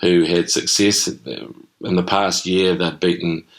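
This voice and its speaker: A man's voice: sits low, little pitch movement, slow pace. A man, hosting a rugby podcast in a chatty, irreverent storytelling way. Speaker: podcast host. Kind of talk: casual rugby podcast monologue.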